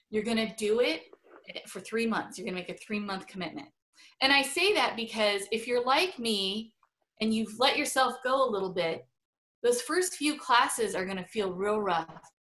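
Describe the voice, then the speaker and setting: Bright-voiced chatty middle-aged woman. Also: on the high side, animated, measured pace. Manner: chatty, many fillers, laughs often. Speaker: guest. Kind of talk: casual interview chat.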